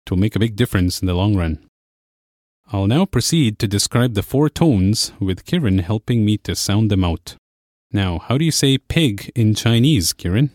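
Patient male language teacher, lowish voice. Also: lively intonation, moderate pace, a little mellow, dry recording, clean studio sound. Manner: clear, patient explaining. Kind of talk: scripted lesson narration.

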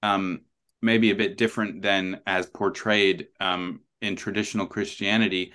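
A man as a podcast guest, explaining his ideas thoughtfully with many pauses, ums and restarts. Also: low-pitched, flat delivery, pushed and bright. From New Zealand. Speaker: author and guest. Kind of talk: conversational podcast interview.

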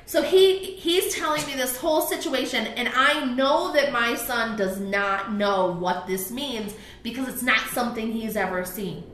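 A woman co-hosting a casual talk show, an animated storyteller who laughs often while she talks. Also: a little high, a little slow, few pauses, roomy sound, slight background noise. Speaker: podcast co-host, parent. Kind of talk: casual chat.

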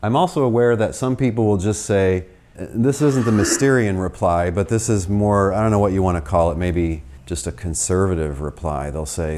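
An American man giving a conversational theology lecture, reasoning through arguments with quick asides. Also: deep voice, a little mellow, a little hiss or hum. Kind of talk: spoken lecture.

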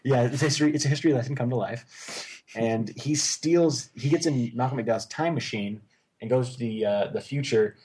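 A man's voice: mid-range voice, moderate pace, darkish tone, slightly rough. A man co-hosting a casual movie chat, rambling and enthusiastic, full of fillers and restarts. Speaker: podcast co-host.

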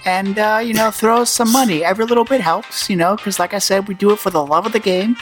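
A man's voice: high voice, fairly even intonation, fast, faint music behind. A man co-hosting a gaming podcast in a casual, joking way, plugging the show's links. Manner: joking, casual, plugs the show. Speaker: podcast co-host.

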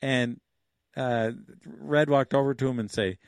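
Man in his 60s from Canada, rambling livestream host, middle pitch, dry close sound. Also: steady tone, unhurried, gravelly, no room sound. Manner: rambling, chuckling, thinks aloud. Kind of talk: casual livestream chat.

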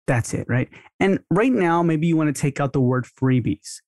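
A man talks through a marketing lesson in loose, chatty podcast style, now and then acting out both sides of a dialogue. His voice sits at an ordinary middle pitch, recorded close and dry with no room sound. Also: expressive, a little fast, creaky, hardly any pauses, a little mellow, dry recording. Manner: chatty, role-plays dialogue in a raised voice. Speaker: dental marketing coach. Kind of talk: casual instructional podcast talk.

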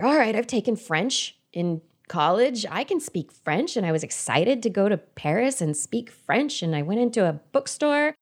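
A middle-aged woman co-hosting a podcast, telling stories in casual chat and laughing often. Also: medium pitch. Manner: animated storyteller, laughs often. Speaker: podcast co-host.

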